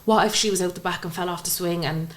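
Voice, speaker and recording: Fast-talking young Irish woman. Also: on the low side, fairly even intonation. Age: young adult. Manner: recounts events by acting out quoted dialogue. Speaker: podcast guest. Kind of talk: emotional personal storytelling in conversation.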